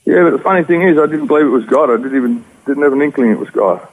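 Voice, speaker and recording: A man with an Australian accent telling his personal story in rough, slangy speech as an interview guest. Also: medium pitch, expressive, racing, phone-quality sound. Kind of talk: personal testimony.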